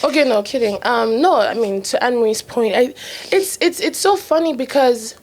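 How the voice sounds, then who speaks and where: A young woman co-hosting a faith podcast, her voice sitting on the higher side. She talks in a casual, animated way and laughs easily as she tells stories. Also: moderate pace. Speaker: podcast co-host. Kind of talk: casual chat.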